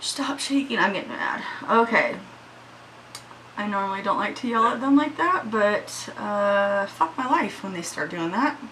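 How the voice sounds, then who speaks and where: A woman's voice: mid-range voice, expressive, measured pace, a little hiss or hum, rough recording. A woman chatting casually through a makeup tutorial at home, shaky and anxious, swearing freely. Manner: chatty, swears freely, yells at her dogs. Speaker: beauty vlogger.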